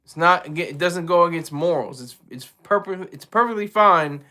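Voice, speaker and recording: A man with a high, bright voice hosts his own show in loose solo commentary. He stops and restarts a lot, leaning on ums and you-knows. He chuckles often as he talks. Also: animated. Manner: halting, rambling, heavy on fillers; chuckles often while talking. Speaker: show host.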